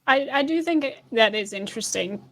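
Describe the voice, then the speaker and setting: A woman's voice: fairly high pitch, expressive, moderate pace, a bit bright. A woman in a casual panel discussion, earnest and agreeable, weighing her views carefully.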